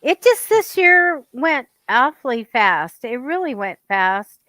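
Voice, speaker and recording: A woman from California chatting casually as a guest, telling stories in an animated way. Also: sits high, slow pace, no room sound. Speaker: psychic guest. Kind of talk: casual chat.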